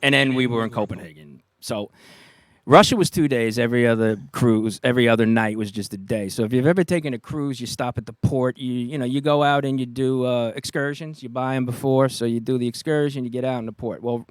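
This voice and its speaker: A middle-aged man with a New York accent, casually telling an animated anecdote and acting out the voices of the people in it. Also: medium pitch, fairly quick, dry recording. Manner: animated anecdotes, acts out quoted voices, laughs often. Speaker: guest, retired police officer. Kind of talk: casual storytelling.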